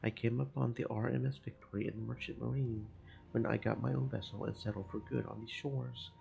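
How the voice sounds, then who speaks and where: A man voicing a gruff, plain-spoken old sailor who cannot abide dishonesty. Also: medium pitch, fairly even intonation, a little fast, dark tone, dull audio. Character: old seafaring man, blunt and honest.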